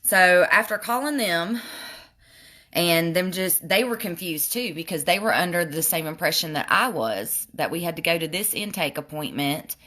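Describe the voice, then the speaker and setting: A young woman doing a makeup tutorial at home, telling a frustrated, animated story with swearing. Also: on the low side, moderate pace. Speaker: beauty vlogger.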